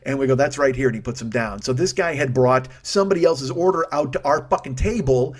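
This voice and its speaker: A fast-talking man in his fifties spins a long comic story, swearing freely and tripping over his own restarts. His voice sits at an ordinary pitch and swings from quiet asides to loud ranting. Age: 50s. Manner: profane, rambling, self-interrupting with restarts, swings into loud rants. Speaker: podcast host. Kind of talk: comedic storytelling monologue.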